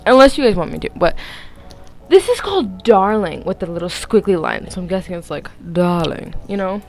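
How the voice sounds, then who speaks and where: This young vlogger's medium-pitched, slightly mellow voice is animated and fairly quick as she casually reads fan fiction on her phone. Giggling, she rambles and breaks off to react to the story; faint music sits under a rough recording.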